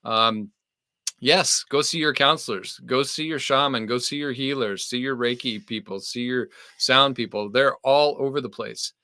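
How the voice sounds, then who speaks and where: A man co-hosts a podcast, running on in a flowing, enthusiastic and slightly preachy way. His voice is bright and forceful. The mic is dry and close. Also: medium pitch, normal speed, no echo. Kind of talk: casual podcast chat.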